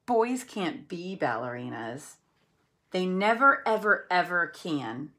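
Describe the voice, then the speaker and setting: A woman's voice: on the low side, big pitch swings, takes it slowly, bright, forceful tone, heavily acted. A woman doing a bossy know-it-all big brother. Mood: insistent.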